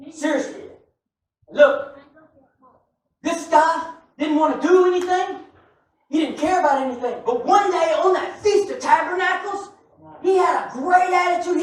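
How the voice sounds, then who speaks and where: A man preaching a sermon to a congregation, animated and often shouting, with joking asides. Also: extremely high pitch. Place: church sanctuary. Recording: echoey church from far off.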